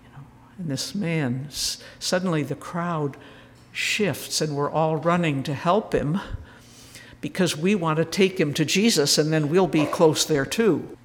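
A man giving a reflective spiritual retreat talk, telling stories gently with soft asides. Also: fairly high pitch, unhurried. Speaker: retreat speaker. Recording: roomy hall with faint noise.

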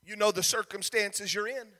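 A male pastor preaching a sermon, rising into shouted, sing-song cadences. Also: sits high, fairly even intonation, moderate pace, big-room sound.

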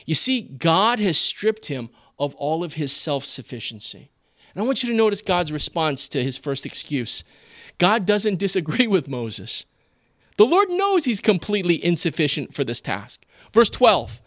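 A man preaching a sermon in an expressive, teaching manner with rhetorical questions. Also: a little high, normal speed, no room sound, studio quality. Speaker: pastor.

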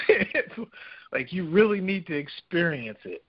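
A man's voice: high-pitched, big pitch swings, measured pace, dull audio, a crowd in the background. A man hosting a casual podcast interview, affirming his guest and asking questions. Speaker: podcast host.

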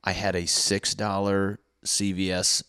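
Very deep-voiced rambling podcast man. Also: monotone, a little slow, bright, forceful tone, clear, resonant tone, dry recording, studio quality. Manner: rambling, profane, jokey, goes off on tangents. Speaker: podcast host. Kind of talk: casual solo podcast monologue. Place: apartment room with thin walls.

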